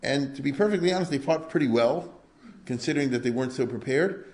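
A man's voice: medium pitch, fast, a little mellow. An older man giving an informal history lecture, conversational and full of rhetorical questions. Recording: echoey room.

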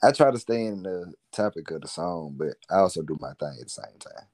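A very deep-voiced man chatting as an interview guest. He talks in a relaxed, rambling way and drops casual slang as he goes. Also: a little fast, noisy background. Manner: laid-back, rambling, slangy. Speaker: guest, musician and entrepreneur.

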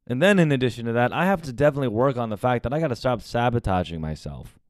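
A man's voice: medium pitch, lively intonation, fast talker, no room sound, clean studio sound. A young man from the United States hosting a casual podcast monologue, talking candidly and confessionally and swearing often. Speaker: podcast host.

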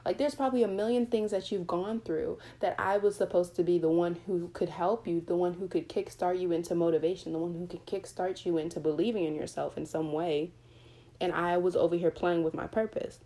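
A woman's voice: fairly low pitch, fairly even intonation, fairly quick, dark tone. A woman hosting a motivational faith podcast, talking earnestly and candidly. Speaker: podcast host.

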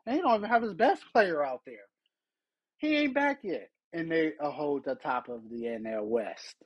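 A man's voice: high voice, highs cut off. A man hosting a solo sports podcast, ranting with exasperated rhetorical questions. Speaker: podcast host.

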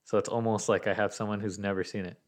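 A young man with a slightly low voice talks through a sports story in a loose, chatty way. He acts out the other people's lines as he tells it. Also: fast. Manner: animated storytelling, acts out quotes. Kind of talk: casual sports chat.

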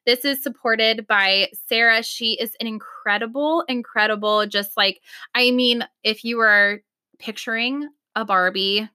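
A woman co-hosting a podcast in casual chat, bubbly and quick to laugh, with a lot of "like" in her speech. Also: on the high side, steady tone, sharp tone, no room sound, clean studio sound. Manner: bubbly, laughs often, heavy use of "like". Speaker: podcast co-host.

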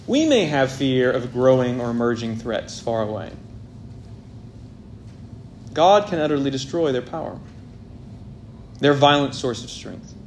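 Man preaching with big swings in loudness. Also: medium pitch, big pitch swings, a little slow, long pauses, a little hiss or hum. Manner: dynamic, swells loud and drops very soft. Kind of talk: expository sermon.

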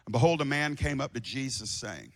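A man preaching an impassioned sermon to a congregation, swinging from shouting to hushed tones. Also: mid-range voice, fairly quick. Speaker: pastor. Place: church before a congregation.

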